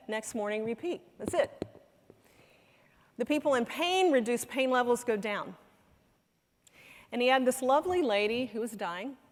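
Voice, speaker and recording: Woman, conference talk, earnest storytelling, slightly high voice, echoing hall. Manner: storytelling, warm and earnest with quoted dialogue. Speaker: conference speaker. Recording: hall reverb.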